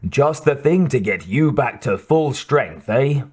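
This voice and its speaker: A hearty, hospitable cook, as a male audiobook reader does him, upbeat as he serves the meal. His words come out slowly. He speaks at a middle pitch. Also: animated, a little mellow, husky. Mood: cheerful.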